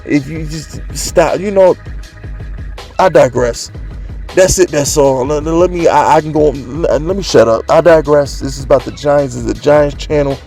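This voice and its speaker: New guy ranting about his team, cocky trash talk, kinda high voice. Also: moderate pace, vocal fry, soft background music. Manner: brash, trash-talking, animated. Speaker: sports fan channel host. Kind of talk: casual fan rant.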